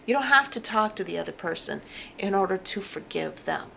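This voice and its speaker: A woman giving a casual tarot reading to camera, talking in an animated way and repeating words for emphasis. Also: fairly low pitch, fairly quick, gravelly, slight background noise. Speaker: tarot reader.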